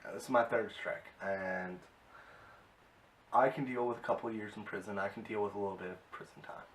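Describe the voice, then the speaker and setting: A man voicing a small-time male crook who pleads and bargains quickly to stay out of prison, in a low, near-everyday voice. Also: fairly even intonation, echoey room, close to an everyday voice. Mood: pleading. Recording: distant mic with faint hiss.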